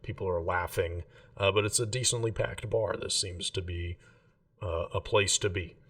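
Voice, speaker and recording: A man narrating as game master in a relaxed, rambling way with many fillers. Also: sits low, moderate pace, recorded from a distance.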